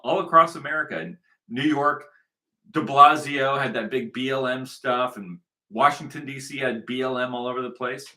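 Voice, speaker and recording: Guy ranting angry n swearing a lot, bright tense voice, keeps repeating himself. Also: mid-range voice. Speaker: commentary host. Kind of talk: ranting commentary over played clips.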